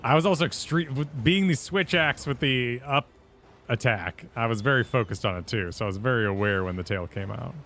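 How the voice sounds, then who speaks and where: A man playing a co-op game with friends, talking quickly, laughing along and explaining the controls. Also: medium pitch, a bit bright. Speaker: co-host and player. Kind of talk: casual gameplay banter.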